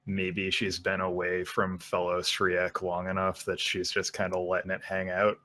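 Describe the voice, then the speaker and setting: A man's voice: sits low, monotone, normal speed, bright, forceful tone. A man chatting casually as a player in a tabletop game, easygoing and joking.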